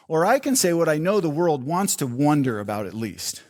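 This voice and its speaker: An older man preaching a sermon as pastor, telling a story with animated, acted-out quotes. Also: fairly high pitch, moderate pace, hardly any pauses, no echo, studio quality.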